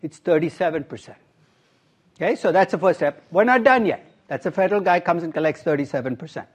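A man's voice: a little high, quick pace, darkish tone, husky. A middle-aged man giving a classroom lecture as a professor, quizzing his students and dropping wry asides. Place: university classroom.

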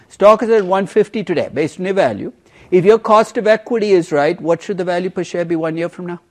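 A man teaching a university finance class, emphatic and lively, teasing students with questions. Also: sits high. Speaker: finance professor. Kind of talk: university lecture.

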